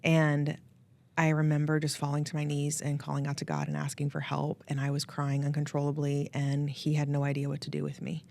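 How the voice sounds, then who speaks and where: A woman host telling a heartfelt personal story, emotional, laughing often and quoting people in lively voices. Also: sits low, fairly quick. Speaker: podcast host.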